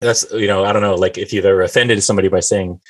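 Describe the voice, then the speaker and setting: A man hosting a casual podcast chat, rambling and acting out quoted people in animated voices. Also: low-pitched, rapid-fire. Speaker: podcast host.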